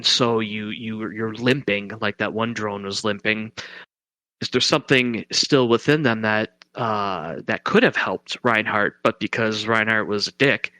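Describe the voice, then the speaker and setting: A man's voice: mid-range voice, pushed and bright, no echo. A man co-hosting a podcast, chatting casually about a film and thinking aloud with many questions and restarts. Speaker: podcast co-host.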